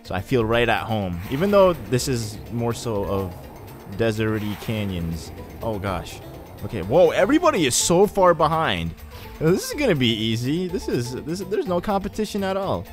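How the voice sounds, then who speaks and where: Young male let's-play host, mid-pitched, rambling chatter, yelps when excited, faint game music behind. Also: normal speed. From Egyptian heritage. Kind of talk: casual gameplay commentary.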